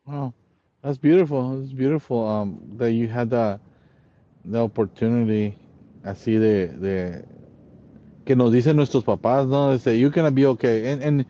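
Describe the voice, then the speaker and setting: A man with a mellow, dark-toned voice talks hesitantly on a podcast. He pauses and repeats words, using fillers often. The sound is a little dull and lo-fi. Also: medium pitch. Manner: hesitant, with many fillers and repetitions. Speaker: podcast co-host. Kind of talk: casual bilingual conversation.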